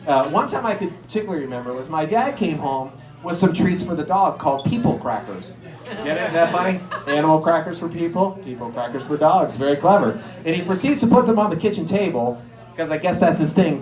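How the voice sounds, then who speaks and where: A middle-aged man from Erie, Pennsylvania, telling stand-up stories and acting out the people in them with sudden jumps in pitch. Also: quick pace, reverberant, low-quality recording. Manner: animated, acts out characters with jumps in pitch. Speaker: stand-up comedian. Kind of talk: stand-up storytelling.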